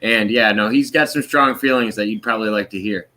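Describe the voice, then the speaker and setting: A man's voice: lowish voice, a little fast, bright, forceful tone. A man hosting a live stream, chatting casually and reading out viewers' comments. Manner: friendly, reads out viewer comments. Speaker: host of a live stream show. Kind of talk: casual chat.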